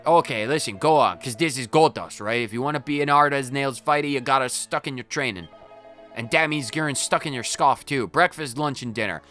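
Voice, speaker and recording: A man doing a brash, gruff martial arts trainer. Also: fairly high pitch, bright, forceful tone. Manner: gruff, bossy coaching with a thick put-on accent.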